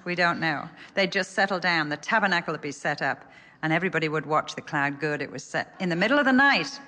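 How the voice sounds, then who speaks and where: A woman's voice: fairly low pitch, lively intonation, fairly quick, pushed and bright. An older woman telling an earnest personal story in a sermon. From England. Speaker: speaker. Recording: echoey hall.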